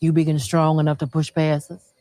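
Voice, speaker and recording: A woman's voice: low voice, level tone, fairly quick, dry recording, natural voice. A woman playing a defiant doorkeeper. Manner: sharp, challenging retorts. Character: defiant woman guarding a doorway. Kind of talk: film dialogue.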